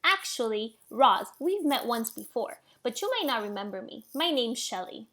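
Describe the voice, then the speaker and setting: A woman voicing a chatty, friendly female otter with a lively, bright voice. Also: fairly high pitch, normal speed.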